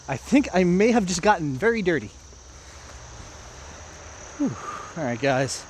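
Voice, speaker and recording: American man, slightly high voice, chatty outdoor vlog host, faint crickets behind. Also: very animated, measured pace, long pauses, darkish tone, a little hiss or hum. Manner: chatty, self-narrating, talks to viewers. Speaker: disc golf vlogger. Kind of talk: casual play-by-play vlog. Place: outdoor park course.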